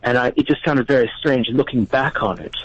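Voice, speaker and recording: A man's voice: mid-range voice, fairly quick, rough recording. A man calling in as a guest author on a radio interview, talking earnestly and often repeating words as he recounts events. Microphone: phone.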